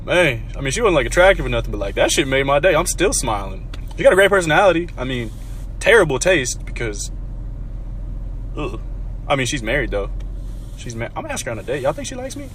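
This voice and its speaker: A playful man tells a story to his camera, quick and animated, rising into loud bursts and dropping to mutters. His voice sits in a middle register. Faint outdoor noise runs behind him. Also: fairly high pitch.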